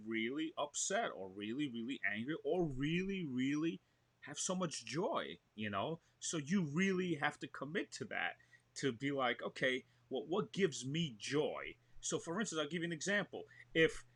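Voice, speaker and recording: A man, an actor talking excitedly in a remote interview, full of "you know what I mean". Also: on the high side, normal speed. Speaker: actor and show host, guest. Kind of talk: animated conversational interview.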